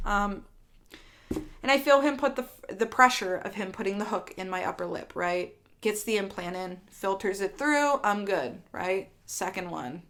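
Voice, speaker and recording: A woman's voice: mid-range voice, fairly bright tone. A young woman vlogger telling a candid storytime, rambling and swearing freely with lots of fillers. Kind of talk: storytime vlog.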